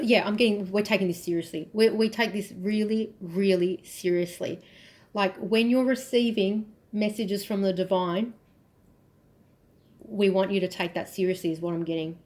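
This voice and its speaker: A woman's voice: mid-range voice, darkish tone. Emphatic woman reading tarot. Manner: emphatic, repeats phrases, thinks aloud. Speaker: tarot reader.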